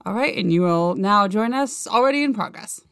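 A woman's voice: mid-range voice, expressive, fairly quick, smooth. A young woman hosting a podcast, chatting casually, rambling through a story with frequent laughs. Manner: rambling storyteller, laughing often, voice jumps up when quoting. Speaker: podcast host. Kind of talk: casual chat.

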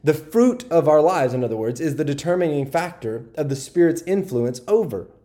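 A man's voice: fairly high pitch, sing-song, moderate pace. A man with a Southern US accent, leading a midweek Bible study in an earnest, folksy sermon style. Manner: folksy, earnest, with gentle restarts. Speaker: pastor.

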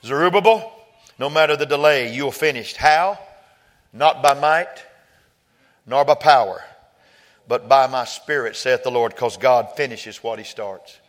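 A pastor preaching a sermon, telling personal stories quietly and then rising to shouted climaxes. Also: male voice, medium pitch, measured pace, long pauses. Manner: swings from soft storytelling to loud shouted peaks.

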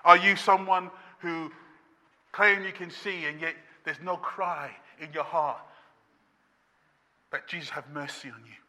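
A man preaching a sermon as pastor, impassioned and building to shouts with repeated refrains. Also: on the high side, steady tone, a little slow, long pauses. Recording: long reverb of a church hall.

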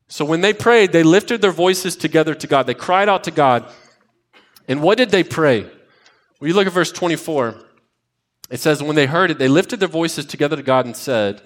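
Pastor, man, 30s, higher register, animated storyteller who builds to emphatic, repeated lines. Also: moderate pace. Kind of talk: sermon with personal stories.

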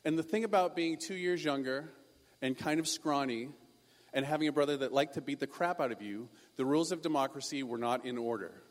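A pastor telling a personal story in a sermon, animated and self-deprecating. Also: male voice, mid-range voice, fairly quick, in a large hall.

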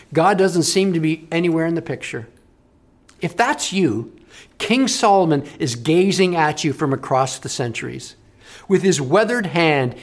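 Impassioned high-voiced male preacher. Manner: impassioned, emphatic, rising and falling delivery. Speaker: radio preacher. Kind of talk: broadcast sermon.

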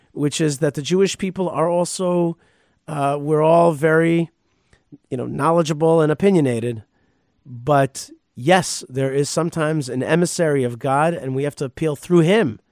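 Animated rabbi teaching, dry close sound. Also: male voice, on the high side, moderate pace, no room sound. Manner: animated, reads verses then riffs with restarts and emphatic outbursts. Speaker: rabbi and podcast host. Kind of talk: casual Torah teaching.

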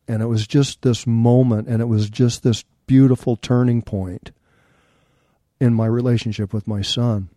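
A man's voice: mid-range voice, fairly even intonation, moderate pace, dark tone, no echo, clean studio sound. A middle-aged man, an interview guest, telling a personal story in an earnest, candid and reflective way.

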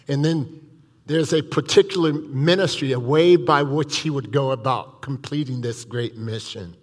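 A man preaching a sermon in a conversational way, often asking the congregation questions. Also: a little high. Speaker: pastor. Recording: reverberant hall recording.

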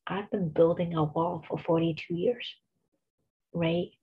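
Husky-voiced woman in her forties. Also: fairly low pitch, flat delivery, measured pace, muffled recording. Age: 40s. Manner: earnest, reassuring, repeats key phrases. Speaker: podcast host and coach. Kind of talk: motivational solo podcast talk.

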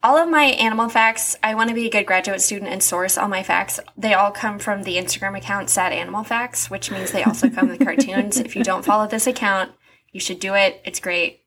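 A woman's voice: mid-range voice, a little fast, a bit bright. A young woman co-hosting a podcast, earnest and self-deprecating in a casual chat. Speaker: podcast co-host.

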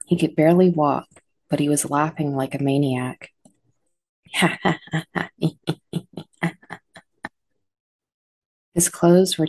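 A woman narrating scripted horror stories in a measured, dramatic way. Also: sits low, warm tone, dry recording.

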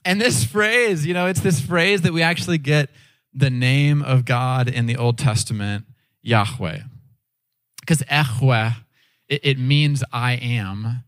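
A man preaching a sermon in a casual, animated way, acting out quoted voices as he tells stories. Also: medium pitch, measured pace, dry recording. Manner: casual, with frequent "like" and "all right". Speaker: pastor.

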